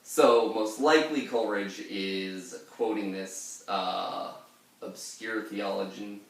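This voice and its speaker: A man's voice: on the low side, takes it slowly, gravelly. A man reading and explaining a poem in a casual way, thinking aloud with frequent fillers. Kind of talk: casual literary commentary. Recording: very echoey room, distant mic.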